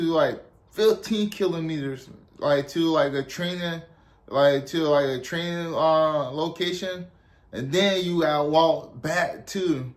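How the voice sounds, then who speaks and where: A young man from South Carolina, telling a story casually and rambling with lots of "like" and "you know". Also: a little high. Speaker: storyteller, army veteran.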